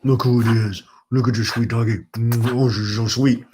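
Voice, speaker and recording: On his casual live stream from home, a middle-aged man talks with viewers at normal speed in a steady, darkish voice, with a little hiss or hum in the audio. His chatty manner shifts to an exasperated, high-pitched rant at times.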